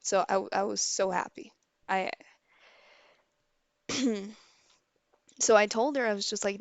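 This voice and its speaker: Gravelly-voiced young woman telling a story. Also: medium pitch, measured pace, long pauses, no room sound. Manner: animated, swears freely, acts out quotes. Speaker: livestreamer. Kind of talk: casual storytelling on a livestream.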